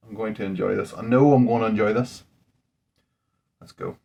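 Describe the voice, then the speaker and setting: A man's voice: lowish voice, steady tone, a little fast, gravelly, pauses often, darkish tone. A man, a home brewer, talking casually through a beer tasting in a rambling, thinking-aloud way, indoors at home. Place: indoors at home under a ring light.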